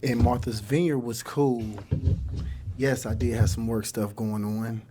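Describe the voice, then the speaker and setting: A man's voice: mid-range voice, steady tone, unhurried, mellow. A man guest on a dating show, talking casually and defending himself emphatically. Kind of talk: casual chat.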